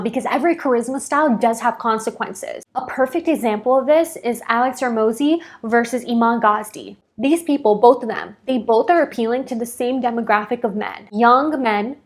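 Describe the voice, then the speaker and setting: Woman host chatting to camera, animated, slightly high voice. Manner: direct, animated, addresses the viewer. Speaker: video host. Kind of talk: casual explainer to camera.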